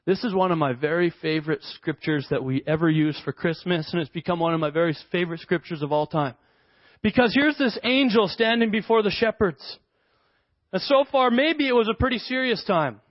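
A young man preaching a sermon as a pastor, animated and conversational with playful asides. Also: sits high, a little fast, no room sound. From Canada. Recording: dry, dull lo-fi sound.

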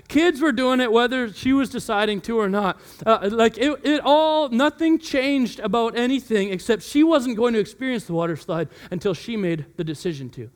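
High-voiced man telling a lively sermon story. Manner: animated storyteller, acts out his kids' voices. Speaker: pastor.

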